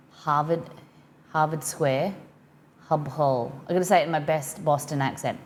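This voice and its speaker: Hosting a cooking live-stream, a woman with an Australian accent reads viewer comments aloud and reacts to each in a relaxed, chatty way. Her fairly low voice holds a steady tone at normal speed over a faint hum of background noise.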